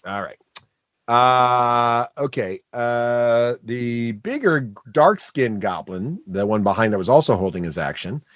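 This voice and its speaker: A man narrating as game master of a tabletop game, animated and laughing, adding sound effects. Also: mid-range voice, slow, dry recording, studio quality.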